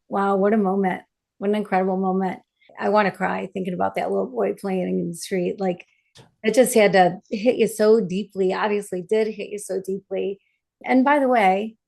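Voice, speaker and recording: Female podcast host, gravelly fry, mid-pitch, emphatic. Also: darkish tone. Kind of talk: interview conversation.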